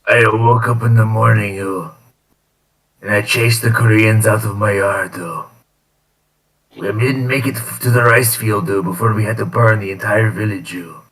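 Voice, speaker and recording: A man appearing as a guest on a casual stream, who jokes in a deadpan, trolling way and stops often to say uh. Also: fairly low pitch, distant mic, poor audio. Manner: deadpan, trolling, halting with many uhs. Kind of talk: casual live-stream banter.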